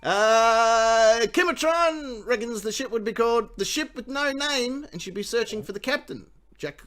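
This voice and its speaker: A man's voice: very high voice, lively intonation, a little slow, a bit bright. A man with an Australian accent hosting a live show, joking crudely and laughing often. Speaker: host. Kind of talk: casual comedic live-stream banter.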